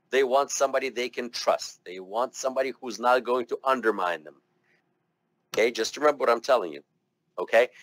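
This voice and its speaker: A man's voice: mid-range voice, fairly bright tone, no echo. Chatty encouraging male medical instructor. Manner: encouraging, chatty, coaxes students to speak up. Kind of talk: classroom lecture. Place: classroom.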